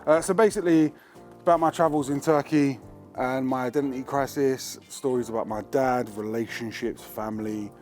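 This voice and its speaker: A man's voice: medium pitch, fairly even intonation, normal speed, darkish tone, soft background music. Slangy man hosting a cooking show. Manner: slangy, chatty, joking. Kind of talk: casual cooking demonstration. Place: kitchen.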